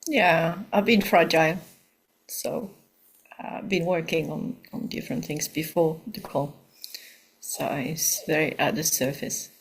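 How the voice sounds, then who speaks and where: A woman with a lowish, breathy voice shares her inner experience in a workshop over a video call. She speaks softly and searches for words, pausing often. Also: steady tone. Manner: soft, searching, with pauses. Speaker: workshop participant. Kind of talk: reflective sharing.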